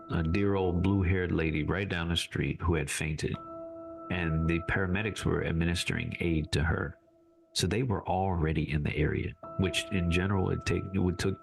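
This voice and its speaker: Low, raspy male storyteller, animated, music bed. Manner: animated, voice jumps high when reliving anger. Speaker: guest survivor telling his story. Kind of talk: casual storytelling.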